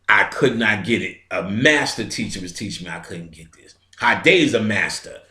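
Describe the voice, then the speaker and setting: A man's voice: on the low side, expressive, moderate pace, few pauses, bright, forceful tone. A middle-aged man telling a story in a casual lecture, streetwise and profane, imitating sounds as he goes. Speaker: metaphysical lecturer. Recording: roomy echo.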